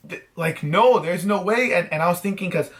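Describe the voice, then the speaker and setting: A man vlogging, telling a story to camera in a casual, animated, self-mocking way and swearing freely. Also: sits high, moderate pace. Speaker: vlogger host.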